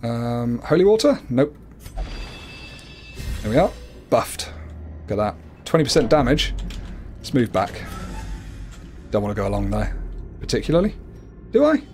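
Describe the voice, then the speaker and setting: A man's voice: big pitch swings, measured pace, pauses often, a little mellow, soft background music. A man casually commenting on a game he is livestreaming, chatty and playful. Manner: chatty, playful, often slips into a high cooing voice for his cat. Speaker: gaming livestreamer.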